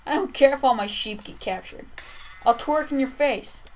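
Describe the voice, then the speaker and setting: A young woman commenting on her own gameplay, playfully trash-talking other players and shouting in bursts. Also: sits high, moderate pace, a little hiss or hum, rough recording. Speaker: gaming youtuber.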